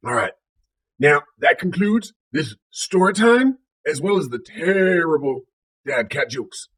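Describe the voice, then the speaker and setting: Expressive and on the high side, a man with a Southern US accent casually shares jokes and amusing stories at normal speed. His slightly bright voice has a breathy edge, and he playfully acts out noises like purring.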